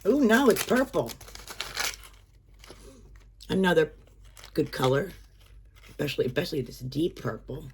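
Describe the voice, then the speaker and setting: A low-pitched woman talks her way slowly through an unboxing, gasping with delight and slipping into breathy whispers when she gets excited. Her measured, unhurried pace keeps it casual, with a faint hiss of background noise behind her. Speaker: unboxing vlogger.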